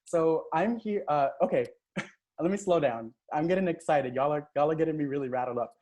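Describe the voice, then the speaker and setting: Upbeat male coach with a mellow voice. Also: fairly high pitch, normal speed. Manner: upbeat, hyping the chat with cheers. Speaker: transformational coach. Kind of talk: live online coaching session.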